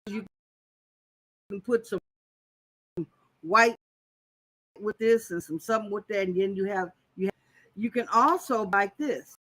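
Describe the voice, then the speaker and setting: Casual woman host for a live quilting tutorial, chatty with her chat, bright and punchy voice. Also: mid-range voice, unhurried, long pauses, rough recording.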